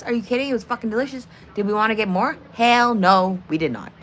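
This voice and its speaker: A woman's voice: mid-range voice, lively intonation, fast, a bit bright, a little hiss or hum. A woman hosting a casual livestream, rambling and cursing freely with frequent laughter. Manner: profane, rambling, laughs a lot. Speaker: livestream host.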